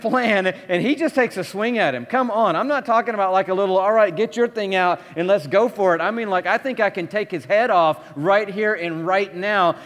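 A man preaching a sermon, telling the story with lively, dramatic shifts between hushed and loud delivery. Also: sits high. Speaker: pastor. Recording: long hall reverb.

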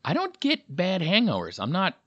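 A man talks through his podcast in a loose, joking ramble, and his pitch swings widely. His voice is bright and forceful, and the recording sounds a bit dull, as if made in a hotel room. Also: moderate pace. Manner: rambling, jokey, animated, lots of fillers. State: slightly dehydrated. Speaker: podcast host. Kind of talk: casual comedic monologue. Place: hotel room with a heater running.

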